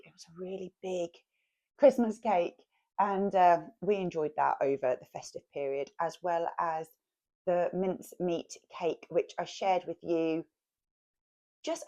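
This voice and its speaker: A woman talks her way through cooking in her home kitchen. She is chatty and homely and laughs easily. Her voice sits at an ordinary pitch for a woman. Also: dark tone. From England. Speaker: vlogger. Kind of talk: casual chat while cooking.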